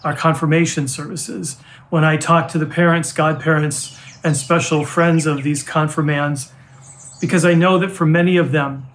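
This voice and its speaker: An older man, a pastor and grandfather, preaching a heartfelt sermon with earnest, halting restarts. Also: fairly high pitch, fairly even intonation, a bit bright.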